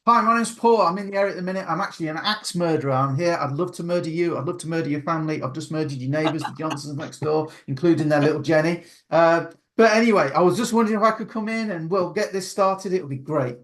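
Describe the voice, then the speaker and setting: A man's voice: on the high side, fast talker, hardly any pauses, voice pushed up, natural voice. A man voicing an upbeat male door-to-door salesman who cheerfully claims to be an axe murderer. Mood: chirpy. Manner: bright, upbeat, eager sales patter.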